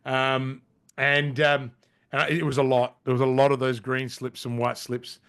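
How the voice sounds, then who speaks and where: A man's voice: mid-range voice, monotone, normal speed, fairly bright tone, smooth. A middle-aged Australian man, a podcast guest, tells business stories bluntly and casually, with frequent swearing and restarts. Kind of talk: casual interview storytelling.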